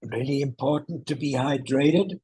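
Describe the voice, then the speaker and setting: Brief: male video coach, deliberately loud delivery, very husky tone, keeps asking "right?". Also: medium pitch, dry recording, low-quality recording. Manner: speaks loudly on purpose, with frequent "right?" check-ins. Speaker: online presentation coach. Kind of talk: casual video tutorial. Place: small one-room apartment, indoors.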